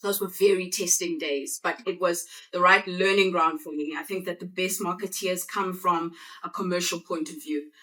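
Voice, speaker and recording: A South African woman talks to a live audience in a loose, chatty presentation, pulling the room in with quick back-and-forth questions. Her voice is bright and forward, caught from a step back from the microphone. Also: on the low side, steady tone, far from the mic. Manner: chatty, uses call-and-response with the audience. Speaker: guest speaker. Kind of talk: conversational presentation.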